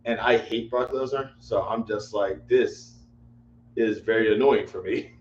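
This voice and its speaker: A man's voice: lowish voice, fairly even intonation, unhurried, darkish tone. Man, livestream host, rambling, exasperated, echoey room, dull lo-fi mic with faint hum. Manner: exasperated, rambling, repeats himself. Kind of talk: casual livestream chat.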